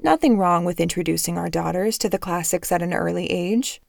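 A woman's voice: lowish voice, fairly quick, vocal fry, darkish tone, no room sound, studio quality. A woman voicing an exasperated scolding mother. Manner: scolding, emphatic. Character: exasperated middle-aged mother, sharp-tongued and loud.

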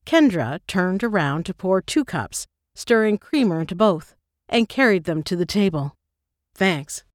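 A woman reading scripted narration in a measured, descriptive way. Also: medium pitch, very animated, no echo, clean studio sound. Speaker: audiobook narrator.

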